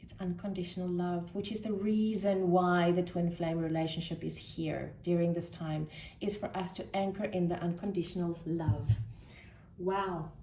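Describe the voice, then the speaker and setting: Soft-spoken woman reading tarot, roomy echo. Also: on the low side. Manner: soft-spoken, thinks aloud with gentle pauses. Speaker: tarot reader. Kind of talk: spiritual tarot card reading. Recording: roomy echo with faint noise.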